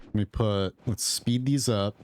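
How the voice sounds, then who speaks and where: A man's voice: fairly low pitch, unhurried, a little mellow. A man streaming a game, talking casually and thinking aloud as he plays, rambling with mutters and asides. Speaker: gaming streamer. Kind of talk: casual gameplay commentary. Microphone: own microphone at desk.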